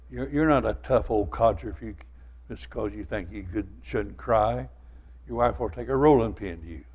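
An older man preaching a sermon, telling folksy stories and swinging from loud to soft. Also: on the low side. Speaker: pastor.

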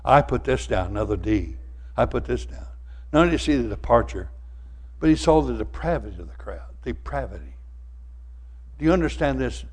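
Older male pastor, fervent sermon delivery, mid-pitched voice, builds in volume, stammers on repeats. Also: lively intonation, brisk, pauses often. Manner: fervent preaching that swells louder, with repeated words.

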